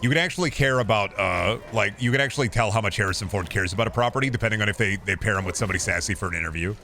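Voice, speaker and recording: A man's voice: lowish voice, rapid-fire, noisy background. A man streaming a game, chatting casually and opinionatedly about movies, swearing often. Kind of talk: casual chat while gaming.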